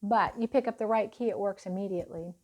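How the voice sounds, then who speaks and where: A woman's voice: mid-range voice, fast, darkish tone. A woman teaching parents in a casual, chatty way, telling stories with a laugh and speaking of faith.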